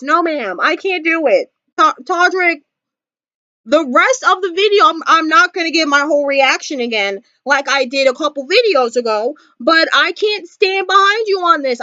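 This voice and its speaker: A woman talking straight to camera in a casual commentary vlog, emphatic and animated, repeating her points. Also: extremely high pitch, no room sound, dull audio. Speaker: vlogger.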